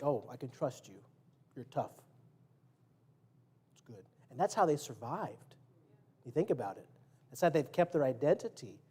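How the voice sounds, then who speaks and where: Preaching in a church sanctuary, a man with a slightly high voice and darkish tone keeps things light and humorous. He fires questions at the congregation and dramatizes quotes with sound effects.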